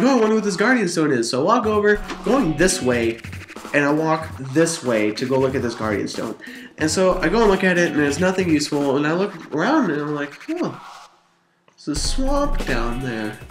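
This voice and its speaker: A man telling rambling gaming stories in a vlog, animated and laughing, his voice jumping up high in the exciting parts, tired. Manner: animated, laughing storytelling with big pitch swings. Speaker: vlogger.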